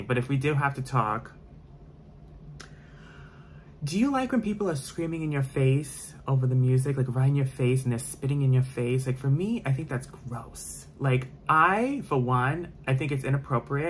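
A man doing his makeup for the camera and chatting the whole time, opinionated and easily sidetracked. His voice sits at a middling pitch, and faint noise hums in the background. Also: expressive, normal speed. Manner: chatty, opinionated, goes off on tangents. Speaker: beauty vlogger. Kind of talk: casual chat during a makeup tutorial.

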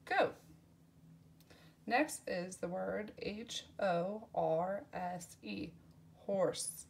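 Lady teacher talking super slow to little kids, spells stuff out, singsongy. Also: medium pitch, fairly even intonation, vocal fry, darkish tone. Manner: slow, spells words letter by letter, sing-song praise. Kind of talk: children's lesson.

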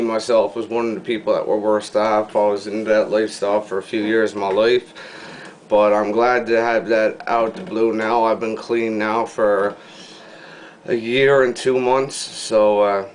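A man with a Newfoundland accent ranting casually to camera in a video response, full of slang, rambling, sliding from low mutters into loud excited bursts. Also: a little hiss or hum. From Newfoundland, Canada. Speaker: vlogger.

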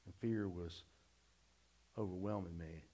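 Preacher guy, middle-aged, lowish voice, folksy storytelling, gets loud then real quiet. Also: steady tone, unhurried. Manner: folksy storytelling testimony, swings from loud to hushed. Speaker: pastor. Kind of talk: sermon.

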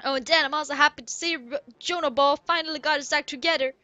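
A woman reading game lines as a boisterous male rock-creature miner, putting on a loud, mock-gruff attempt at an Irish accent. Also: high voice, steady tone, quick pace, no room sound. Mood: hearty. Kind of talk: reading game dialogue aloud in a put-on voice.

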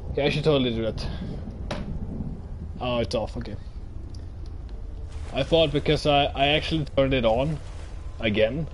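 A man giving casual, excitable gameplay commentary, thinking aloud and swearing often, his throat a little strained. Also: mid-range voice, moderate pace, long pauses, a little hiss or hum. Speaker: gaming let's-player.

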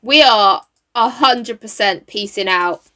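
A young woman giving chatty, excitable commentary while playing a life-sim game, full of slang. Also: mid-range voice, takes it slowly. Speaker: game streamer. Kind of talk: casual gameplay commentary.

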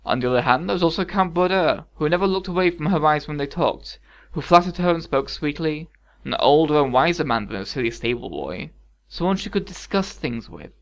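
A man narrating a fairy-tale story calmly with wry asides. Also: on the high side, a little fast. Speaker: audiobook narrator. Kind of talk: scripted narration.

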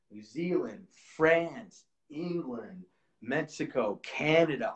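A man hosting a live shopping stream, chatting casually with viewers in an upbeat way and pitching items for sale. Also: lively intonation, unhurried.

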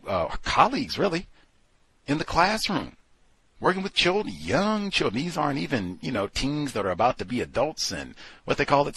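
Animated husky-voiced male talk host. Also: medium pitch, no echo. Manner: animated, sardonic, conversational with fillers. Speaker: radio show host. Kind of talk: casual talk-show commentary.

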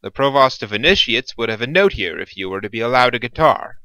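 A man's voice: mid-range voice, animated, quick pace, pushed and bright, no echo. A man voicing a befuddled, officious male monk doorkeeper who talks hesitantly. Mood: confused.

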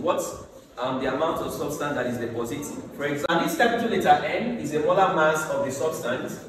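A man teaching chemistry in a lecture, asking the class rhetorical questions and stressing key words. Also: on the high side. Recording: echoey room from far off, faint hiss.

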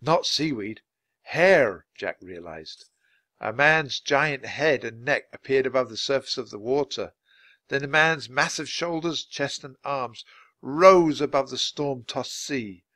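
A man reading a children's adventure book aloud, clear and steady for language learners. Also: medium pitch, unhurried, no room sound. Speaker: storybook reader.

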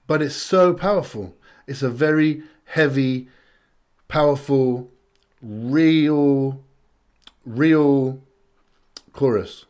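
British man, mid-pitched voice, reacts to a track in an earnest, reflective tone, repeats lines for emphasis. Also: extremely slow, long pauses, a little mellow. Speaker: music reaction host. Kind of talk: casual reaction commentary.

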